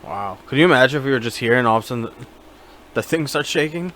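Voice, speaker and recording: A man's voice: mid-range voice, expressive, quick pace, a bit bright. A young man co-hosting a podcast in casual chat, laid-back and jokey, acting out quoted voices. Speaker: podcast co-host.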